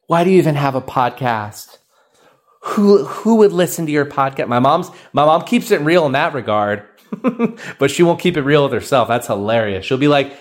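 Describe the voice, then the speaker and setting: A young man hosts his own solo comedy podcast, telling rambling, self-mocking stories and acting out what people said. He is animated, with a medium-pitched voice at normal speed, recorded on a cheap podcast microphone.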